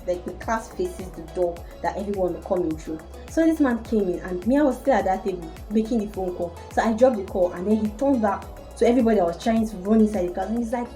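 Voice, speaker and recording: A young woman from Nigeria recounts a school memory in a casual vlog. Her tone is mellow and animated. Soft background music plays faintly behind her. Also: medium pitch, a little fast, poor audio. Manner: animated storytelling. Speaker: vlogger. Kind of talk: casual storytelling to camera.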